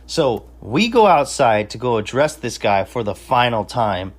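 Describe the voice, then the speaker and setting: Very animated yet measured in pace, a young man with a medium-pitched voice recounts a party on his podcast. The telling is profane and boastful, packed with street slang.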